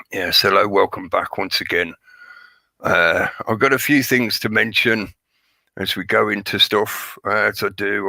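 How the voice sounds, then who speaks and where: Hoarse man, gravelly and close. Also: low voice, pushed and bright, no room sound. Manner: chatty, joking, greets viewers by name. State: hoarse, crackly voice. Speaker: livestream host. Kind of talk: rambling live-stream chat.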